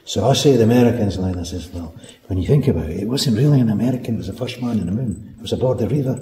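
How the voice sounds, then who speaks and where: A man's voice: on the low side, lively intonation, racing, warm tone. A middle-aged Scottish man guiding a castle tour in a chatty, storytelling way, chuckling as he goes. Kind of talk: casual chat and guided tour. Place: large castle room indoors. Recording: echoey hall from far off with noise.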